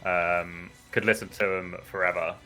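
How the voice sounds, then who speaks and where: A British man with a bright, forceful voice that sits fairly low, talking loosely and at length as he commentates a live game. He drifts into rambling asides, then jumps up in energy when the action heats up. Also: moderate pace, faint music behind. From United Kingdom. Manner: chatty and rambling, with excited bursts on plays. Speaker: esports commentator.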